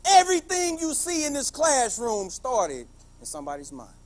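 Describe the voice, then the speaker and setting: A man, a teacher, giving a passionate motivational speech, telling stories and building to emphatic shouts. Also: very high voice, huge pitch swings, moderate pace.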